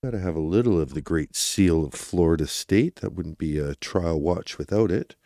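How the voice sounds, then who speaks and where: A man with a very low voice hosts a true crime livestream in a loose, rambling way, often turning to talk with his chat. The sound is dry and close, with no room echo. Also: expressive, normal speed, vocal fry, dark tone. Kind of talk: casual livestream commentary.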